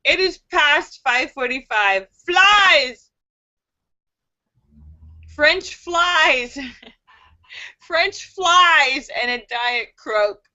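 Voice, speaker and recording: Bright, chatty woman on a lo-fi stream. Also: fairly high pitch. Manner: giggly, chatty, tells jokes. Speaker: live stream host. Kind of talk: casual live chat reading comments.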